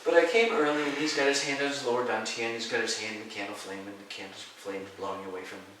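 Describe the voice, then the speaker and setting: A male guest teacher of Taoist mysticism tells stories fast in an interview, recorded from a distant mic in an echoey room with faint hiss. He is an animated storyteller who acts out voices in a high shout.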